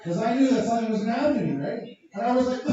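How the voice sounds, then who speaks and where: Profane stand-up comic from Canada. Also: male voice, very high voice. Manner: crude, profane, riffing with the crowd. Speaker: stand-up comedian. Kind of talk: stand-up set. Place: comedy club stage. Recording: echoey, dull club recording from far off.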